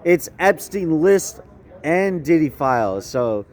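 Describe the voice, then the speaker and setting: A man's voice: a little high, very animated, slow pace, darkish tone. A man vlogging in a rambling, casual monologue, tagging his lines with "eh?" and laughing often.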